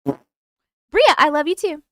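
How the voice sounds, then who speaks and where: A woman's voice: sits high, expressive, takes it slowly. A woman in her thirties hosting a livestream, chatting playfully with viewers and reading their stories aloud. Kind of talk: casual live chat and story reading.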